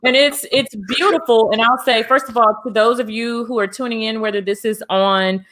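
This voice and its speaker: A woman's voice: a little high, steady tone, normal speed, fairly bright tone. A woman hosting a live conversational talk show, earnest and encouraging as she reads out viewer comments and brings in her guests.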